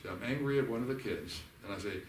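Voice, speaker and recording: An older man with a lowish voice leads a workshop in a church hall. He talks in a folksy, animated way and slips into the voices of people in his stories. He is recorded from a distance, in an echoey room with faint ambience. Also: fast, slight background noise. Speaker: workshop leader. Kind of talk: workshop teaching.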